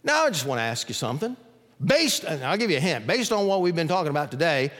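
Man, pastor, lively sermon, acts out quotes, long church reverb. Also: a little high, fast. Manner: animated storytelling, acts out quoted voices. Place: church sanctuary.

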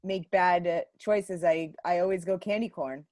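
A woman guest on a video-call chat, lively, candid and jokey. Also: on the low side, normal speed, no echo. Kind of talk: casual interview chat.

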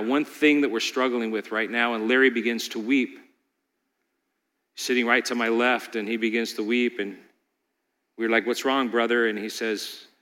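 A male pastor preaching a sermon, moving between loud pleading peaks and quiet storytelling. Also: mid-range voice, in a large hall.

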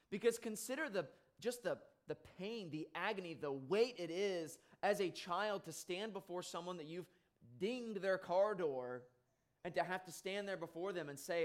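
Casting: male preacher, earnest sermon delivery, slightly higher voice, builds to emphatic peaks then falls quiet. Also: moderate pace. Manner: earnest, swells louder and higher on key points, drops soft on sad ones.

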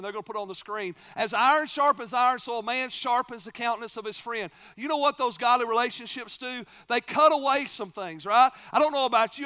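High, bright-voiced preaching man. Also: clear, resonant tone. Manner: preaching with rhetorical questions to the congregation; swings from loud emphasis to hushed, low delivery. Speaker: pastor. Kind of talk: sermon.

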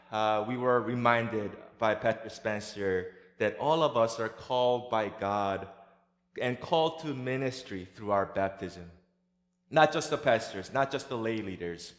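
A male pastor delivering a sermon at a measured, deliberate pace, with a touch of light humor. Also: mid-range voice. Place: large church sanctuary. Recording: echoey church hall with long reverb.

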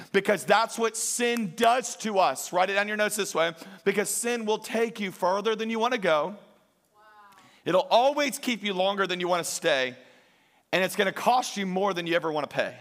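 A male pastor, preaching an emphatic sermon that swings from loud peaks to quiet, joking asides with the congregation. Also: high voice, normal speed, gravelly. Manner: emphatic, rises to near-shouting peaks and drops to quiet asides; jokes with the congregation.

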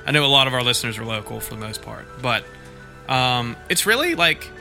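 Man, casual podcast co-host, joking, very bright tone, faint music behind. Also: medium pitch, very animated, brisk, gravelly. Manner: laughs often, loose and joking. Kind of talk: casual chat.

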